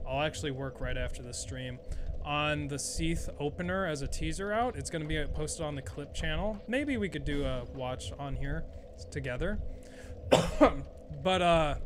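A man's voice: on the high side, background noise. A young adult man chatting casually to his audience during a game live stream, rambling, self-mocking and swearing freely.

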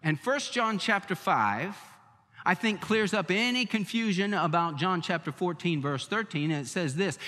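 A man's voice: sits high, expressive, normal speed, bright, forceful tone, long reverb tail. A man preaching a sermon as pastor, emphatic and repeating key phrases for weight.

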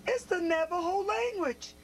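Brief: soft-spoken elderly grandfather in a storybook read-aloud, voiced high by a woman. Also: normal speed, a little hiss or hum, rough recording. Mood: gentle. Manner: soft, quiet, sometimes stern. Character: old Navajo grandfather, gentle and firm.

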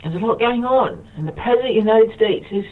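Calling into a radio show from the United Kingdom, this male guest sounds high-pitched, animated and quick. Nearly in tears, he rambles through an emotional monologue, saying the same things again and again, all heard through a faraway, tinny phone connection.

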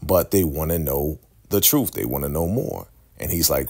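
A man's voice: extremely low pitch, normal speed, gravelly, hardly any pauses, slightly rough. A man casually recapping a TV episode, acting out the characters' lines and laughing often. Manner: animated, acts out quotes, frequent laughter. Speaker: recap host.

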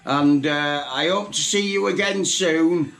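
A blunt, sweary Yorkshire man talks to his viewers in an unhurried, lively voice that rises and falls a lot. He sounds a little high for a man. The room is echoey, with faint music underneath. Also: vocal fry. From Bradford, England. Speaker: vlogger. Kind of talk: casual vlog talk to viewers.

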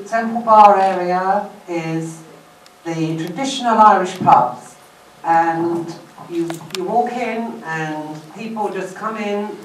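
A woman's voice: mid-range voice, slight background noise. Woman rambling on a panel, medium voice, roomy echo. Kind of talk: panel talk. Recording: echoey room from far off.

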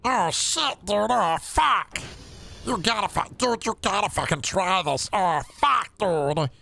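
A man's voice: high-pitched, expressive, slow, creaky, sharp tone, voice pushed up, full character voice. A man voicing a stoned little gnome who gasps, coughs and swears between hits of a vape. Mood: stoned, giddy.

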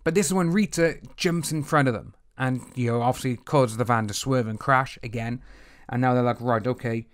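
A man casually recapping and reviewing a TV episode, slipping into quick acted-out reactions of the characters. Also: mid-range voice. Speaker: TV series reviewer.

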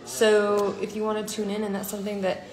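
A woman's voice: mid-range voice, completely flat delivery, a little fast, a little mellow, echoey room. A young woman hosting a casual phone live stream, tired and blunt, calling viewers darling. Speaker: livestream host.

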